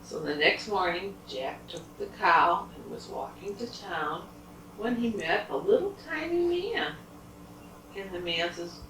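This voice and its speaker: An older woman telling fairy tales to a child in an animated, lively way, stopping to ask questions. Her voice is bright, and she sounds a little away from the mic in an echoey room. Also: fairly low pitch, measured pace, slight background noise. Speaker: storyteller. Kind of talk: reading children's stories aloud. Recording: roomy, distant home recording.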